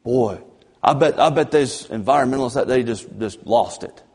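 A man preaching a fervent sermon as pastor, swinging between loud emphasis and low, drawn-out passages. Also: slightly rough. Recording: long church reverb.

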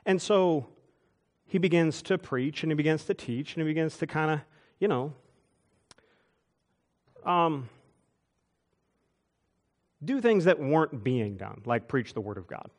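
A man preaching a sermon, telling church stories with quick asides and chuckles. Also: on the high side. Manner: animated storytelling with asides and chuckles. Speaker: pastor. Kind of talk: storytelling sermon.

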